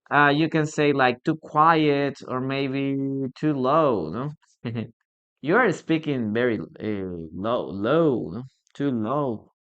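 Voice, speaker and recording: A teacher with a Spanish accent, a native Spanish speaker, gives a live English lesson at an unhurried, deliberate pace. The voice is smooth and even, and the teacher keeps checking in with the class. The sound is a little dull, like a compressed live stream. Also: medium pitch. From Peru. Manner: patient, repeats examples, ends phrases with "okay?" and "no?". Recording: slightly muffled streaming audio.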